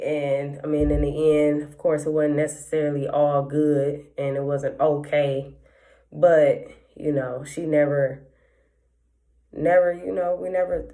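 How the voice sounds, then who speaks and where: A woman's voice: sits low, level tone, unhurried, darkish tone. A young woman hosting a podcast, telling a personal story candidly and emotionally, with lots of slang and filler words. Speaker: podcast host.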